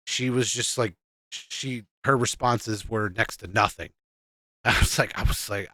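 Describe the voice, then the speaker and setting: A man's voice: medium pitch, a bit bright, dry recording, clean studio sound. Exasperated, swearing podcast guy. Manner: exasperated, profane storytelling with rambling restarts. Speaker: podcast co-host. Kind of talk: casual podcast chat.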